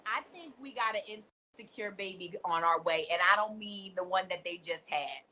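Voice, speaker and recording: A woman's voice: fairly low pitch, moderate pace, low-quality recording. A young adult woman co-hosting a casual recap show, talking emphatically and acting out what people said. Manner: animated, emphatic, often acts out quotes. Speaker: co-host.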